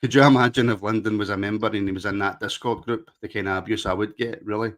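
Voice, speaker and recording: A man's voice: on the low side, steady tone, quick pace, fairly bright tone. A Scottish man with a Glaswegian accent, hosting a casual football podcast and teasing his co-host, often repeating his words as he talks. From Scotland.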